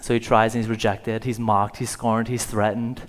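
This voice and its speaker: A man's voice: fairly low pitch, level tone, moderate pace. A male pastor telling a story in a sermon. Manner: storytelling, rising in volume for dramatic moments. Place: church sanctuary.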